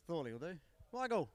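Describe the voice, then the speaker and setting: Kiwi guy doing pit interviews, smooth dry voice, a bit high, chatty. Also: dry recording. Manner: chatty and upbeat. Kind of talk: live event interviews. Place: outdoors at a racetrack.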